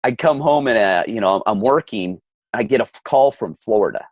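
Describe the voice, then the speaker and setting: A man's voice: on the low side, lively intonation, moderate pace, dry recording. A middle-aged man co-hosting a podcast, ranting heatedly in casual chat with frequent stammering restarts. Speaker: podcast co-host.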